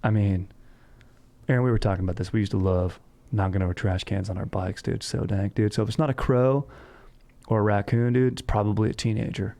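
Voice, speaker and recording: A man's voice: lowish voice, fairly even intonation, a little fast, mellow. Laid-back man saying dude constantly. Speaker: podcast host. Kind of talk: casual comedic podcast chat.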